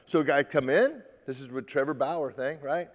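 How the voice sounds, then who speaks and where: A male pitching coach giving a lively live talk to players and parents, acting out what players say. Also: moderate pace, big-room sound. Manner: animated, acts out quotes from players. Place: large room with a live audience.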